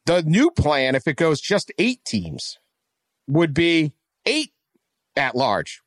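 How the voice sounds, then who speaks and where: This West Virginian co-hosts a laid-back sports talk podcast, rambling, animated and frequently correcting himself. His voice is slightly high, and he goes slowly with long pauses, captured in studio quality with no room sound.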